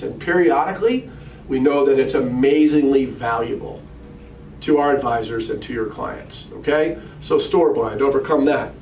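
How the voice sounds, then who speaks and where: A middle-aged man giving a conversational coaching talk. He tells stories and puts questions straight to his listeners. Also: fairly high pitch. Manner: conversational storyteller, addresses listeners directly with questions. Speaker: practice management coach. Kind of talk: coaching talk to financial advisors. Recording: roomy, distant mic, faint ambient noise.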